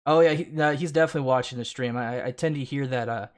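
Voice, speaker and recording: A man's voice: mid-range voice, fast. A man streaming casual reaction commentary, sarcastic, often laughing and stammering on repeated words.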